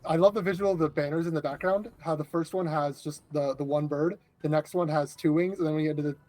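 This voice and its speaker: A man co-commentating a speedrun, observant and quick to praise details. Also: on the high side, fairly even intonation, dark tone, low-quality recording. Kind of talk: casual game commentary.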